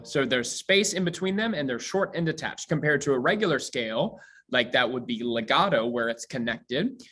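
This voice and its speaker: A man teaching a recorded high school music theory lesson, explaining casually with many ums and uhs. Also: lively intonation, moderate pace, fairly bright tone. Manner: explains casually with many fillers, sings scale demonstrations.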